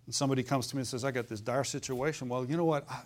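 A man's voice: medium pitch, steady tone, very fast, a little mellow. A pastor preaching to his church. He is folksy and fiery and keeps asking the congregation for an amen. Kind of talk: sermon.

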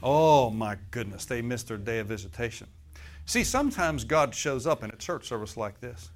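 A man's voice: medium pitch, very animated, moderate pace. A male preacher delivering a sermon in a church service. He speaks in a folksy, conversational way, breaking into laughing asides and tossing rhetorical questions at the congregation.

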